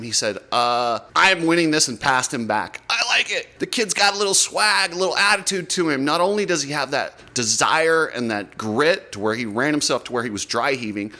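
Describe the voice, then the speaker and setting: Chatty male vlog host, bright and slightly high voice, animated commentary delivery. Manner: animated, chatty and apologetic, talks up riders. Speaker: host of a motocross coverage channel.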